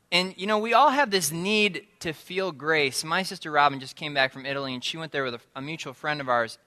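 A young man gives a sermon in a church, chatting with the congregation and telling stories with lots of animation. His voice sits a little high and sounds bright and forceful. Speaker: guest preacher.

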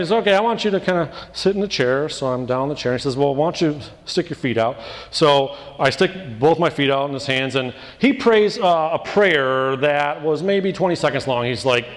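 A man preaching a sermon as pastor, telling a personal story with animated quoted voices and building into emphatic repeated lines. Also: fairly high pitch, long reverb tail.

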